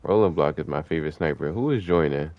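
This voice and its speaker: A man giving live commentary while he plays an online game, talking casual and slangy with sudden excited yelps. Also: rumbling low, fast, dry recording, muffled recording. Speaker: gaming streamer.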